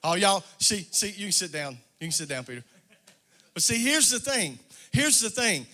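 High, bright-voiced preacher. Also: male voice, big pitch swings, moderate pace. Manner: preaching with rising, sing-song intensity; calls on congregation members by name. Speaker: pastor. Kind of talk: call-and-response sermon.

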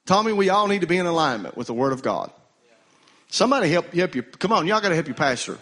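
A man's voice: a little high, very animated, fast talker, fairly bright tone. A male pastor preaching a sermon, calling on the congregation to answer him. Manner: call-and-response preaching, urging the congregation to answer.

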